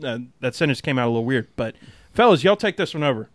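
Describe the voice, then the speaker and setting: A man's voice: medium pitch, animated, fast talker, dry recording, clean studio sound. A man hosting a casual podcast, talking in loose, rambling stretches with frequent restarts. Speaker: podcast host.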